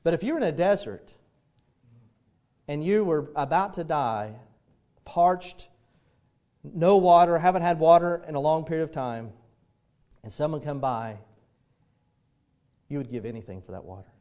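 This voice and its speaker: A man's voice: fairly high pitch, unhurried, pauses often, dark tone. A middle-aged man preaching a sermon, telling homely stories and acting out the voices in them. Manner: folksy storytelling, acts out quoted voices. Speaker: pastor.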